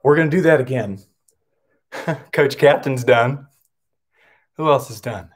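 A man's voice: medium pitch, unhurried. Upbeat man coaching a live PE class. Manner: upbeat, calls out names and counts reps. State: out of breath.

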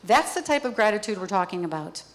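Woman, motivational stage speaker, animated storyteller. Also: mid-range voice, fast talker. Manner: lively, acts out little scenes. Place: theater stage.

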